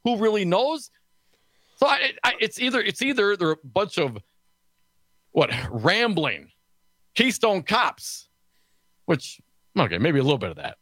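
A man co-hosting a political talk radio show in a studio, sarcastic and snarky, talking fast with lots of restarts. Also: sits high, big pitch swings, a bit bright, dry recording.

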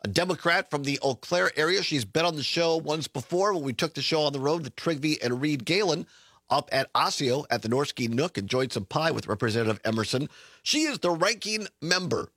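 A man's voice: fairly high pitch, fairly quick, slightly rough, no room sound. A man hosting a political talk radio show from a studio, chatty and sarcastic. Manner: chatty, sarcastic, lively asides.

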